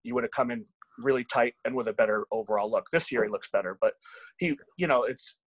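Candid, swearing coach telling stories. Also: male voice, mid-range voice, fast talker, slightly rough, dry recording, poor audio. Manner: candid, profane, animated anecdotes with quoted dialogue. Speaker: bodybuilding coach. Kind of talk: casual podcast storytelling.

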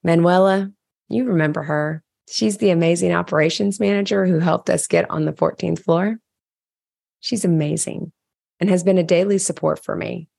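Woman, low voice, gravelly, candid reflective narration, personal diary reading. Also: fairly even intonation, moderate pace, darkish tone, dry recording, clean studio sound. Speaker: caregiver sharing a diary entry.

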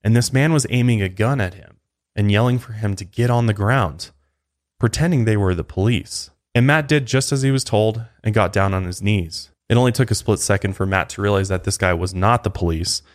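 On a podcast, a male host recounts a true crime case steadily and casually, tossing in occasional asides to a co-host. His voice sits on the low side.

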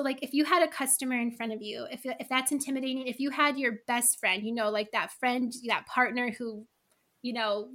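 A woman's voice: sits high, a bit bright. A middle-aged woman talking casually as a podcast guest, chatty and full of asides. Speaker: guest, email copywriter.

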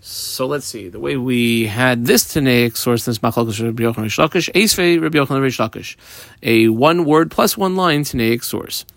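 A man's voice: mid-range voice, moderate pace, creaky, no room sound. Man teaching a Talmud lesson, dry close sound. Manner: reads Aramaic phrases then explains them in English, with frequent ums. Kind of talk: Talmud lesson, reading and translating.

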